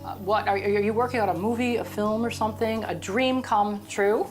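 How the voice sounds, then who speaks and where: A woman, a psychic guest, telling stories in a lively, chatty way. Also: a little fast, soft background music. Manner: animated, storytelling, exclaims in high bursts. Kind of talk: casual interview talk.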